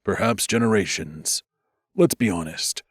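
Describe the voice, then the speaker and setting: A man's voice: on the low side, a little slow, husky, dry recording. A man voicing a dry-witted, smirking mage who speaks plainly.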